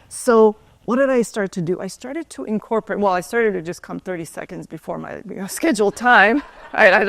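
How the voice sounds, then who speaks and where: A woman's voice: mid-range voice, lively intonation, moderate pace, gravelly, no echo. A woman speaker, once a yoga and Pilates teacher, telling stories in a loose conversational way and often asking "right?". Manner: conversational, tags sentences with "right?". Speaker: conference speaker, former yoga and Pilates instructor. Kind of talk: storytelling talk.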